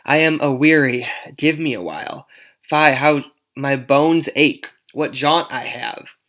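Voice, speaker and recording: A man's voice: medium pitch, slow, fairly bright tone. A man voicing an old nurse who grumbles about her aches and teases as she stalls. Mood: grumbling. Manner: grumbling, teasing, dragging things out. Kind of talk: dramatic read-aloud of a play.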